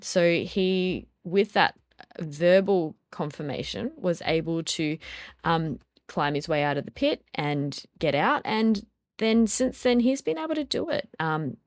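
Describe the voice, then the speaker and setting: A woman in her thirties speaks in a lowish, even voice, patiently working through a parenting point with plenty of ums. The sound is close and dry, with no room around it. She talks like a mother sharing what she has learned. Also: dry recording. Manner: thoughtful, explains step by step with frequent ums. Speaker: podcast co-host and mother of a toddler. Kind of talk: reflective parenting talk.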